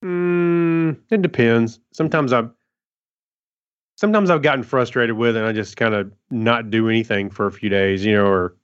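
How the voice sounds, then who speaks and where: A man's voice: medium pitch, normal speed, smooth. A man co-hosting a podcast, reading a news article aloud in a casual way, tripping over words and adding his own asides. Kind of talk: casual chat. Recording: dull lo-fi audio.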